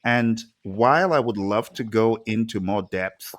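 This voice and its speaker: A man's voice: lowish voice, measured pace, noisy background. A man hosting a live-streamed interview who talks with enthusiasm, exclaims often and reads viewer comments aloud. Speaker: interview host.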